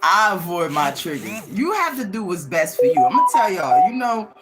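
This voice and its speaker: A woman hosting a livestream, telling a personal story to her viewers in a candid, slangy way and jumping up high to act out what others said. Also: moderate pace, very noisy. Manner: animated, swings into high acted-out quotes of others; candid, slangy, laughs as she talks. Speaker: livestream host.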